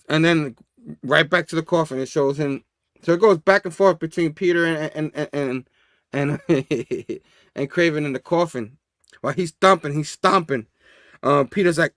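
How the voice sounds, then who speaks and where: A man's voice: on the high side, moderate pace, fairly bright tone, dry recording, studio quality. A man hosting a casual comic book review, rambling through the plot and chuckling often. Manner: chuckling, rambling, says "you know what I mean". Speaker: host.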